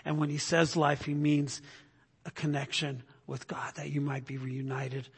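A man's voice: a little high, level tone, unhurried, vocal fry, slightly rough. A man preaching a verse-by-verse sermon as a pastor, often checking in with his listeners by asking "right?". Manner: keeps checking in with the congregation with "right?". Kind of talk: expository sermon. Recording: long hall reverb.

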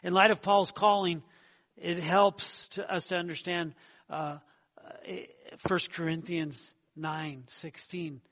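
Man, high voice, middle-aged, sermon, conversational, repeats himself, bursts of emphasis. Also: little pitch movement, slow, a bit bright. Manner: conversational, fillers and repeated words, rising emphasis. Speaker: preacher.

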